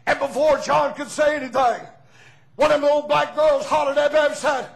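An older man with a Southern US accent preaching a fiery revival sermon in a church, rising into shouted peaks and asking the congregation to answer back. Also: very high voice, flat delivery, moderate pace, vocal fry. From Southern United States.

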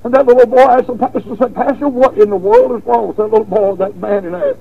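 A man preaching a revival sermon, telling a folksy story with repeated words, then stressing points with slow emphasis. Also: very high voice, big pitch swings, vocal fry, highs cut off.

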